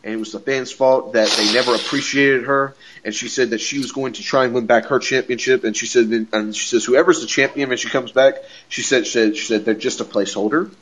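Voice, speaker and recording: A man hosting a podcast, recapping a wrestling show in a casual, excitable way, laughing often and repeating himself. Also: mid-range voice, fairly quick, hardly any pauses, a little hiss or hum, poor audio. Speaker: podcast host.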